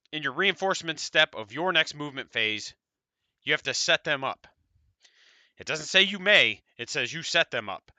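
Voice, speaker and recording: This American podcast co-host has a mid-range voice that comes across bright, forceful, and clean on a dry recording. He's casually rambling about tabletop wargames, letting a swear word slip every so often.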